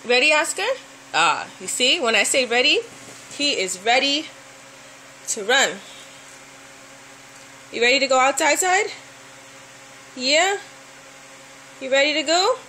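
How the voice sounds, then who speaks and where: A woman's voice: high voice, animated, takes it slowly, long pauses, sharp tone, a little hiss or hum, poor audio. A woman filming her dog with a handheld camera, teasing and playfully baby-talking to him. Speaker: pet owner vlogger. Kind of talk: casual home video talking to a pet. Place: home and outdoors by the house.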